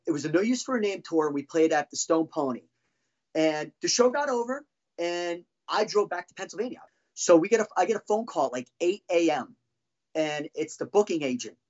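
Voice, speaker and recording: A man's voice: on the high side, highs cut off. A middle-aged man, a former band drummer, telling heated, profane stories as a podcast guest. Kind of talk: casual storytelling.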